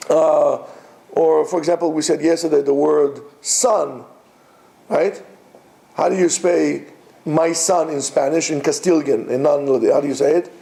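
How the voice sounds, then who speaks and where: A male teacher giving a classroom lecture, repeating words slowly and teasing his listeners with quiz questions. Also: fairly high pitch, steady tone, gravelly, warm tone.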